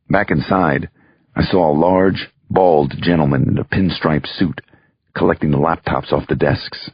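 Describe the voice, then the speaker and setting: A man reads a thriller in a very deep, gravelly, husky voice. The recording is close and dry with a slightly dull tone. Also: fairly even intonation, unhurried, dry recording. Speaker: audiobook narrator. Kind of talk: scripted first-person narration.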